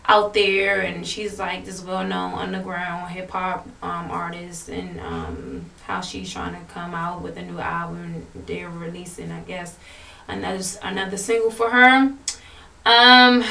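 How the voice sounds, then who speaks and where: A woman's voice: medium pitch, gravelly, sharp tone, distant mic. A woman in her twenties casually retelling a reality-show episode, rambling with lots of fillers and restarts. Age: 20s. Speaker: vlogger reviewing a reality show. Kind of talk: casual chat. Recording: echoey room, voice away from the mic.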